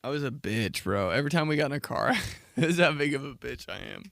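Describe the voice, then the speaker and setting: A man's voice: medium pitch, expressive, fast talker, creaky, a bit bright, no room sound, studio quality. A young man hosting a solo comedy podcast, rambling and swearing, laughing at himself and acting out dramatic reactions. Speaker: podcast host.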